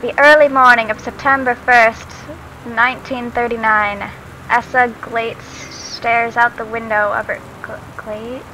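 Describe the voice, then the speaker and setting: A woman's voice: fairly high pitch, flat delivery, a little slow, pushed and bright, a little hiss or hum, rough recording. A young adult woman casually commenting as she plays a game, chatty and giggly, reading notes aloud as she finds them. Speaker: let's play host.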